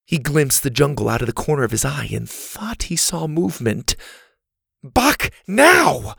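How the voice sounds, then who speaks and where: Gravelly, husky male storyteller. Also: medium pitch, fairly quick, no room sound, clean studio sound. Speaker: narrator. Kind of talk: storybook narration.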